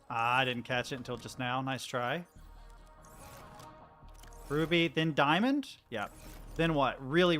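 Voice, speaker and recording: A man's voice: mid-range voice, fairly bright tone. A young American man chatting casually to his stream while he plays a game. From United States. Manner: chatty, rambling, talks to chat. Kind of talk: casual gameplay commentary.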